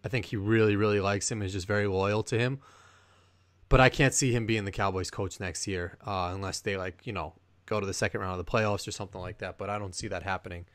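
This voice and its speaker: A man's voice: fairly low pitch, fast talker, dry recording. Dry, rambling male podcast co-host. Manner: rambling, animated, laughs often. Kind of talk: casual sports chat.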